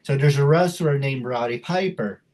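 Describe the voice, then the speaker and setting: A man's voice: mid-range voice, moderate pace, a little mellow. A man hosting a casual interview, chatty and joking in a loose way. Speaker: interview host.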